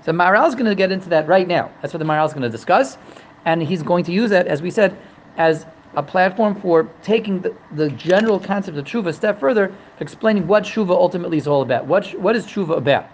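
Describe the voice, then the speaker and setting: A man's voice: high voice, lively intonation, fast, lo-fi sound, slight background noise. A man teaching a religious text, humorous and digressive, often repeating and restarting his phrases. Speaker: Torah teacher. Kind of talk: religious lesson.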